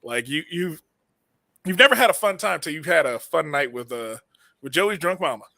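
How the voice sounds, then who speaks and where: A man hosting a comedy podcast, telling stories with animated laughter. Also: fairly high pitch, normal speed, gravelly, no room sound. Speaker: podcast host. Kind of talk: casual comedy podcast chat.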